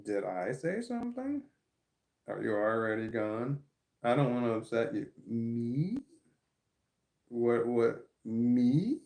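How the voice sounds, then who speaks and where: A man's voice: mid-range voice, very animated, takes it slowly, pauses often, warm tone. A man talks candidly on a live stream in a mid-range voice, stammering and restarting his words as he goes. He is blunt and earnest, reading viewer comments aloud and swearing casually.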